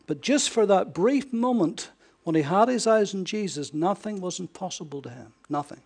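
A man preaching a sermon, swinging between raised emphasis and hushed near-whispers, often asking his listeners rhetorical questions. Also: high-pitched, expressive, normal speed, breathy edge. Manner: frequent rhetorical questions to the congregation.

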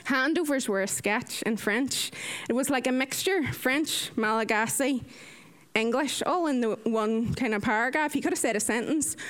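High-voiced Irish woman telling stories. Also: normal speed. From Ireland. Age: 30s. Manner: lively, laughs often, acts out others' voices. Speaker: nurse. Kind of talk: anecdotal storytelling.

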